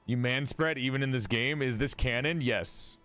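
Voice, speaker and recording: A man streaming a video game in casual chat, excitable and gushing, sounding a little sleepy. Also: moderate pace, soft background music. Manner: excitable, gushing, swings into high squeals. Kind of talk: casual gaming livestream chat.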